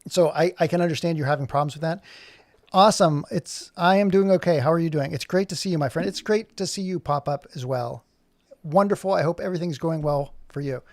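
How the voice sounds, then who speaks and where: A man with a slightly high, darkish voice talks briskly in a dry recording. He's chatting casually on a livestream while making an animation, rambling and talking to himself as he works.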